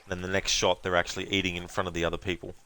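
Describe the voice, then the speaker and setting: A man's voice: sits low, monotone, very fast, pushed and bright, clear, resonant tone. A man streaming a game, chatting casually and rambling to his viewers. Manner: chatty, rambling, thanking viewers, breaks into silly voices and laughs. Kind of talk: casual live-stream chat.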